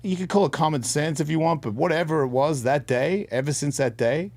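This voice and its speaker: A middle-aged podcast co-host with a slightly high, darkish voice speaks a little fast, with no room sound. He candidly tells a personal story in earnest, rambling, casual talk, repeating and restarting words mid-sentence.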